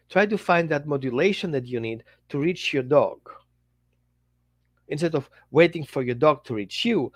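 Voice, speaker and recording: A dog trainer talks casually to his listeners in a fairly high, very lively voice. He keeps acting out little dialogues as he teaches. The sound is close and dry. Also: no room sound. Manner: animated, acts out little dialogues.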